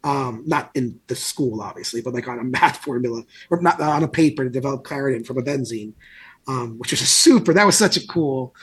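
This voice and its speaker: A man in his thirties co-hosting a podcast, chatting casually and telling animated stories with frequent laughs. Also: mid-range voice, a little fast, husky. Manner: animated storyteller, laughs often. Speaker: podcast co-host. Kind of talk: casual chat.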